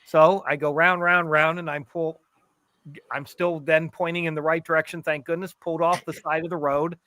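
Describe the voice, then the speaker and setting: Bright, dry-voiced man telling a story. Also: on the high side, moderate pace, no echo. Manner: jokey, animated storyteller. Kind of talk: casual storytelling chat.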